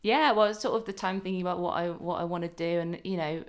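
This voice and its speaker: A woman's voice: fairly low pitch, fast talker. A woman, chatting as a guest actor and telling stories about herself. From England. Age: 30s. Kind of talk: casual chat.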